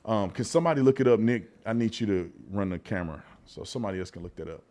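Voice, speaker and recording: A man's voice: lowish voice, expressive, fast, darkish tone. A man hosting a live commentary show, talking in a blunt, opinionated and mocking way, with loose casual phrasing and frequent restarts. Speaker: show host.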